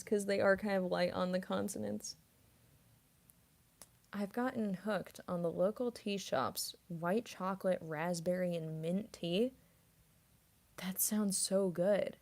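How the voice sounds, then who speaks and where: A woman in her mid-twenties chatting casually on a livestream, soft-spoken and rambling, with lots of fillers and little giggles. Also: medium pitch, steady tone, measured pace, vocal fry. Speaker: voice actress streamer. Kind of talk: casual livestream chat reading comments.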